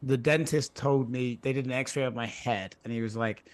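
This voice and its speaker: A man's voice: mid-range voice, fairly even intonation, normal speed. A man co-hosting a casual podcast, teasing dryly and telling stories. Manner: teasing, dry, storytelling. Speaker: podcast co-host. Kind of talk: casual chat.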